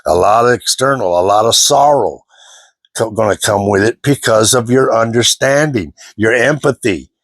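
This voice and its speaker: A man's voice: on the low side, normal speed, no echo. An older man gives a rambling, informal motivational talk to the camera, repeating himself and filling gaps with "you know" and "man". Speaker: self-help speaker.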